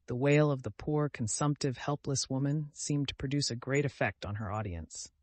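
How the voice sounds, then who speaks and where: A man's voice: mid-range voice, no room sound. Dry, close audiobook narrator, male. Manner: measured, dramatic reading. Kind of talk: scripted narration.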